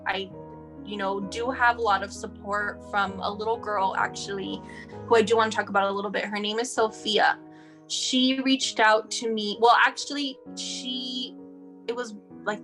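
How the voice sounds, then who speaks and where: A woman from Texas, a mother being interviewed, talking in a rambling, chatty way with lots of fillers. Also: medium pitch. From El Paso, Texas. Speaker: guest, mother of a sick child. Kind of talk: casual interview.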